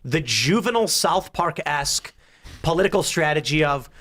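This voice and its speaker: Host, male, slightly high voice, casual jokey panel talk. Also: animated, a bit bright. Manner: joking, riffing, quick asides. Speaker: podcast host.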